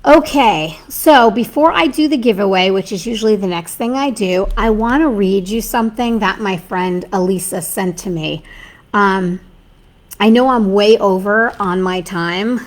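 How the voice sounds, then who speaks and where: A woman's voice: mid-range voice, measured pace. A woman hosting a casual live stream as Mrs. Claus. She is chatty and scattered, reads out viewer comments and often loses her train of thought. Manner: reads a story aloud to viewers. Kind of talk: casual livestream chat reading viewer comments.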